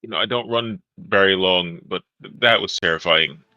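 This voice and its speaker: A man's voice: sits low, normal speed, sharp tone, no echo, dull audio. A man playing in a tabletop game, joking defensively and laughing a lot. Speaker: player. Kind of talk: casual table banter.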